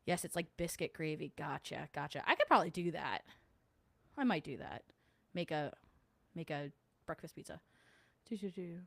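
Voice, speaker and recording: A young New Jersey woman with a local accent hosts a casual livestream, reading and answering live chat in a low, creaky, slightly bright voice. She's animated and chatty at a moderate pace, laughs often, takes long pauses, and mimics people mid-story, with no echo.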